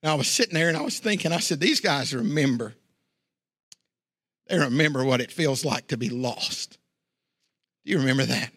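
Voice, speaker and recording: A man preaching a sermon with passion, using casual asides, rising high and loud, then dropping low and hushed. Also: lively intonation, normal speed, long pauses, no room sound, clean studio sound. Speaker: pastor.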